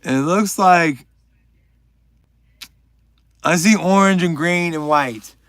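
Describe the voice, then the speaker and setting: A man's voice: fairly high pitch, slow pace, a bit bright, clear, resonant tone, no echo. A young man hosting a livestream, chatting casually and joking while reading out viewers' names. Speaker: livestream host.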